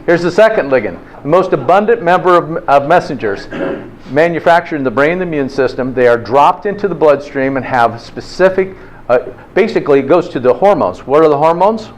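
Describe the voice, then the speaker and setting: A man's voice: fairly high pitch, expressive, a little fast. A man teaching a health class in an informal, interactive way, often checking in with "okay?". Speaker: health instructor.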